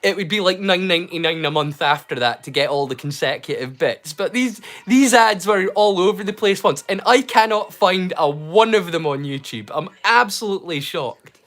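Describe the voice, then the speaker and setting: A man's voice: high-pitched, expressive, normal speed, a bit bright. Chatty Scottish man hosting a livestream. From Scotland. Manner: chatty, rambling with restarts and Scots slang. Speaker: livestream host. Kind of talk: casual livestream chat. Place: home in rural Scotland.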